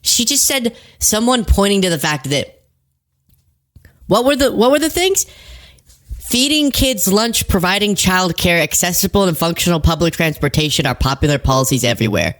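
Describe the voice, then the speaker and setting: A woman hosting casual political commentary, sarcastic and animated, laughing at her own jokes. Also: lowish voice, normal speed.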